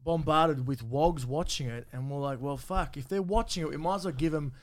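A man, chatting casually on a podcast, swearing freely and telling animated stories. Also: fairly high pitch, brisk. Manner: swears freely, animated storytelling with acted-out quotes. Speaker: comedy group member, podcast guest.

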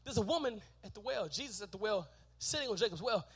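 A man preaching a sermon, shouting his points and joking with the congregation in a church. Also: sits high, animated, fast talker, breathy edge.

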